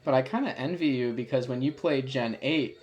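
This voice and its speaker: A man in his thirties co-hosting a casual video commentary, chatty and quick to laugh. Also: mid-range voice, a little mellow, highs cut off. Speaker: co-host and video creator.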